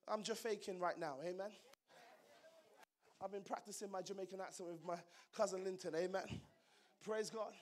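A man preaching a fiery sermon, loud and emphatic, with call-and-response exclamations. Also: high-pitched, moderate pace.

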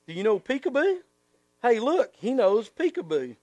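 A man reading out the lines of a ragged, drunken old man, playful and loud with a baby, then hushed and tender. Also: very high voice, sing-song, moderate pace, no room sound, exaggerated voice. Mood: playful, calling out.

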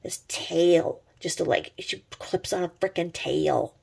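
A woman's voice: lowish voice, takes it slowly, vocal fry, darkish tone, husky. A middle-aged woman giving a sarcastic, profane gossip commentary as a vlogger, mocking someone she watches online.

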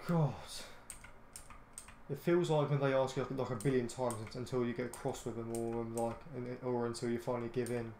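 A man's voice: medium pitch, fairly even intonation, fairly quick, warm tone, slight background noise. A British man hosting a gaming channel, giving casual gameplay commentary full of ums and restarts, easily irritated and grumbling. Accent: British English. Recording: roomy echoey home recording.

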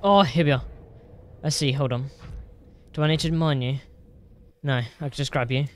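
A man's voice: on the high side, steady tone, normal speed, slight background noise. A young man commentating on his own gameplay, with frequent frightened exclamations. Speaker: gaming YouTuber. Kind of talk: game commentary.

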